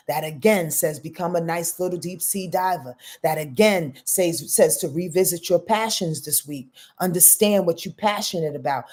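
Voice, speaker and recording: A woman's voice: mid-range voice, dark tone. A middle-aged woman astrologer hosting a livestream, talking in a casual, emphatic, profane, streetwise manner and calling out to her audience. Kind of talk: casual spiritual talk to a live audience.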